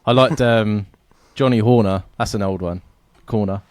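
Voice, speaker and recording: A man's voice: fairly low pitch, normal speed, dry recording. A man from England co-hosting a podcast, telling stories in casual chat, laughing often and swearing freely. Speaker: podcast co-host.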